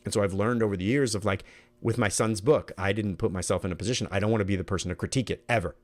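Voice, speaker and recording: A man's voice: on the low side, very fast, a little mellow. A middle-aged man presenting an online workshop in an earnest, conversational way, often repeating words as he thinks.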